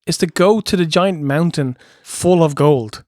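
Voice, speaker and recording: A man's voice: fairly high pitch, a little slow, darkish tone, no room sound. A man co-hosting a film-review podcast, giving blunt, slangy opinions in casual chat. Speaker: podcast co-host.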